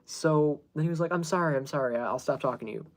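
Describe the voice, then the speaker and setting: A man hosting a podcast tells a story casually and with exasperation, laughing often and swearing while quoting the people involved. His voice is a little high, and he talks fast.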